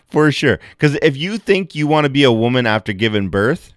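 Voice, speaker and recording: A man's voice: mid-range voice, sing-song, slow, pauses often, smooth, no room sound, clean studio sound. A middle-aged man hosting a livestream, ranting bluntly with heavy swearing and frequent laughs. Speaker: livestream host. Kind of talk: casual livestream chat.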